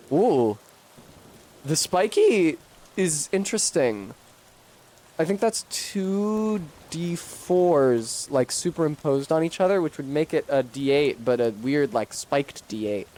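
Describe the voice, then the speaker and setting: A woman's voice: low voice, expressive, slow pace, mellow, slight background noise. A woman streaming a game, reading its dialogue aloud and making joking, profane asides. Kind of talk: let's play with voiced dialogue.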